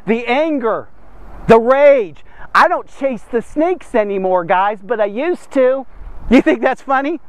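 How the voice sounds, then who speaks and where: A man's voice: extremely high pitch, expressive, measured pace, no room sound. A man preaching a devotional sermon as the host of his podcast, talking emphatically and addressing his listeners directly.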